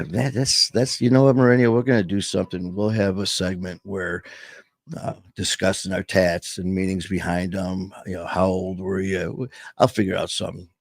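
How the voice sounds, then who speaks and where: A man's voice: low-pitched, vocal fry, no echo. A man hosting a live show on sobriety and faith, chatting candidly in a rambling way with many self-interruptions. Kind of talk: casual live-stream chat.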